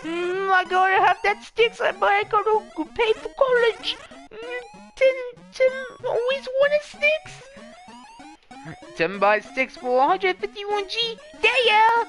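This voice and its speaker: Man doing a squeaky Temmie creature. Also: takes it slowly, faint music behind, heavily acted. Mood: excited. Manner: broken baby-talk grammar, squeaky and excited. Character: hyper cute little cat-dog creature shopkeeper.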